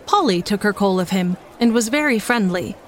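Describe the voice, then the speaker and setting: A woman narrating a classic storybook in an even, measured reading voice. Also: medium pitch, a faint crowd, slight background noise. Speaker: audiobook reader.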